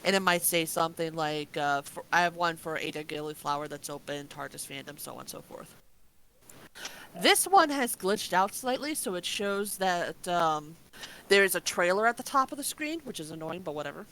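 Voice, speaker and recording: A woman's voice: on the low side, expressive, moderate pace, bright, forceful tone, poor audio. A woman co-hosting a casual review podcast, playful and insistent, laughing often. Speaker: podcast co-host.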